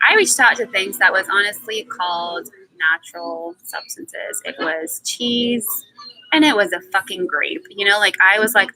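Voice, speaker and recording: Bright-voiced blunt woman in her twenties. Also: medium pitch, lively intonation, normal speed, faint music behind, low-quality recording. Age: 20s. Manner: emphatic and blunt, swears freely, repeats words for stress. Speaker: live-stream host. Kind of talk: candid personal monologue.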